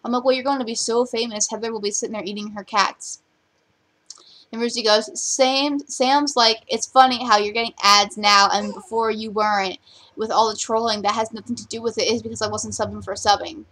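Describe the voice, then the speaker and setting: A woman's voice: a little high, fairly even intonation, fairly bright tone. A young woman ranting bluntly on her vlog, swearing freely and reading out chat messages. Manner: blunt, profane, rapid-fire ranting. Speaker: vlogger.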